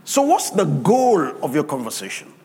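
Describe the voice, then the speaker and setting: Preacher, male, high voice, emphatic and drawn-out, ringing hall reverb. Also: huge pitch swings, darkish tone. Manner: emphatic preaching with call-and-response to congregation. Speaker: pastor. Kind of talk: sermon.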